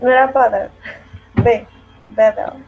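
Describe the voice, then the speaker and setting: A woman's voice: fairly high pitch, steady tone, creaky, a little mellow, poor audio. Hesitant woman student. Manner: hesitant, halting, many filler sounds.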